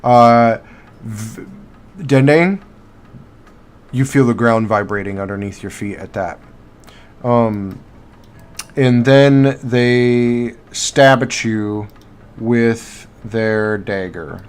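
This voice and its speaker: A man narrating as game master for a live tabletop game, halting and filler-heavy as he describes the action. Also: on the low side, steady tone, smooth. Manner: halting, with many fillers and restarts. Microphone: streaming mic.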